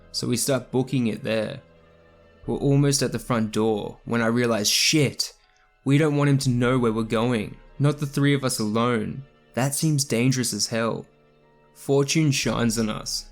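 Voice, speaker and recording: A man narrating a true scary story in the first person, in a steady, scripted storytelling manner. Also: medium pitch.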